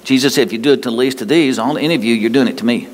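A man's voice: medium pitch, racing. A man preaching a sermon as pastor, emphatic and folksy, repeating himself and talking straight to his listeners. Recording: long hall reverb.

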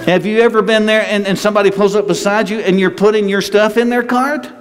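A man's voice: high voice, fairly even intonation, fast. A man preaching a conversational sermon to a congregation, folksy and joking with the people in the pews. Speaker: pastor. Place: church sanctuary with congregation. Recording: long hall reverb, faint ambient noise.

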